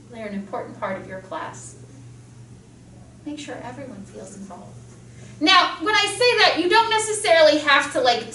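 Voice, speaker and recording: A woman teaching a speech class with a high, bright voice and eager energy. She talks through a mask, picked up from across an echoey classroom, with faint room noise behind her. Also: far from the mic. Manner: enthusiastic, explains with quick examples. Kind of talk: classroom lecture with drills. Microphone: masked, recorded from across a classroom.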